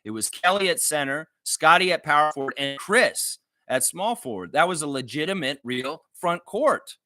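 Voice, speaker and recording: A man from Canada hosts a live basketball reaction show, reading viewer comments and ranting with plenty of swearing. His voice sits a little high and is very bright and forceful. It is recorded dry and close. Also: expressive, normal speed, dry recording. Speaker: sports fan channel host.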